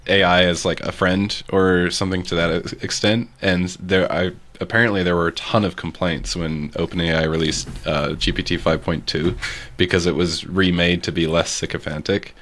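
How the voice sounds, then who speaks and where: Male podcast co-host, very low voice, easygoing storyteller. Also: fairly even intonation, moderate pace, a bit bright. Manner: laid-back, joking, storytelling with many ums. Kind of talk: casual real estate podcast chat.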